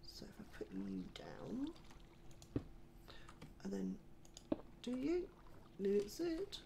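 An older British woman giving casual commentary while she plays a game. She talks to herself, gently scolds herself, and sometimes drops to a whispered mutter. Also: on the high side, huge pitch swings, drawn-out words, gravelly, noisy background. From United Kingdom. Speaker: gaming channel host.

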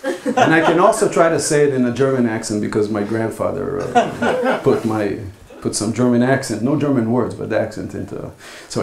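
A man giving an academic philosophy talk at a conference, speaking in a halting, thoughtful way with frequent pauses. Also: mid-range voice, sing-song, creaky, a little hiss or hum. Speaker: philosophy lecturer. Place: lecture hall. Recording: echoey lecture hall.

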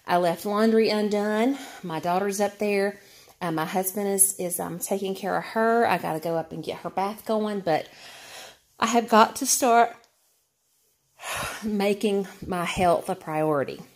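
A woman vlogger talks candidly to camera while riding an exercise bike, a bit out of breath and using lots of fillers. Her voice is medium-pitched with a measured pace.

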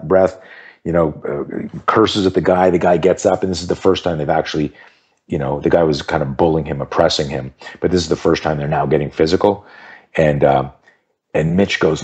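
A man in his fifties with a very deep voice tells a story as a podcast guest. He is an animated, emphatic speaker who hammers his points home by repeating phrases and briefly takes on the voices of the people in his anecdotes. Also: breathy edge. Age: 50s. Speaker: self-defense instructor and podcast guest. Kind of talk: storytelling in an interview.

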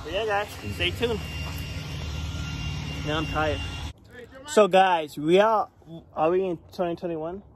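A man's voice: high voice, moderate pace. A male vlogger talking straight to his viewers outdoors in a park, hyped and motivational. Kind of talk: casual vlog chat. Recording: faint outdoor noise.

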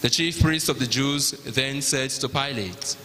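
A man with a Nigerian accent narrating the Passion at a liturgy, in a measured, even reading. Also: mid-range voice. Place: large cathedral. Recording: long cathedral reverb.

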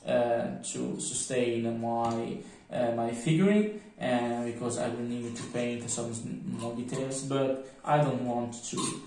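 Slow, echoey French-accented man. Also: mid-range voice, a little mellow, slight background noise. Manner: halting, thinking aloud while working. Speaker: miniature painting tutor. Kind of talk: casual hands-on tutorial. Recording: echoey room, mic at a distance.

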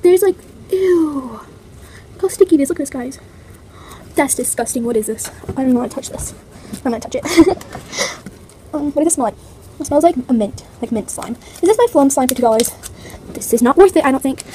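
A woman's voice: sits high, lively intonation, quick pace, long pauses, warm tone, slight background noise, low-quality recording. A teenage girl chatting through a casual, playful unboxing vlog, complaining dramatically. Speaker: vlogger.

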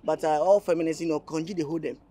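A man's voice: fairly high pitch, steady tone, quick pace, mellow, close to an everyday voice. An actor playing a cheeky young man who keeps pestering a woman, teasing and pushy, with a Nigerian accent, laughing as he talks.

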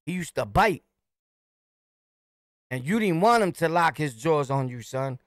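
A middle-aged man from Brooklyn with a New York accent, telling a street story in a swaggering, animated way and shouting his punchlines. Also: on the high side, a little slow, no echo, studio quality. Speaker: storyteller, channel host.

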